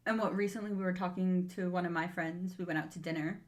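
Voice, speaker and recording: A woman's voice: lowish voice, steady tone, fast, darkish tone. A young woman co-hosting a podcast, chatting casually and chiming in to finish her sister's sentences. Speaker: podcast co-host. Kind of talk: casual chat.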